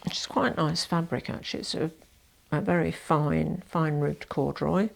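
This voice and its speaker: A woman's voice: low-pitched, moderate pace, creaky. A woman chatting to camera in a casual vlog, self-deprecating and full of asides. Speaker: fashion vlogger.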